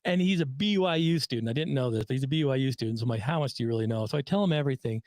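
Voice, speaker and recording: A man's voice: mid-range voice, rapid-fire, dry recording. A man hosting a casual interview, telling stories animatedly and acting out quotes. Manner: animated storyteller, acts out quotes. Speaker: podcast host and recovery coach.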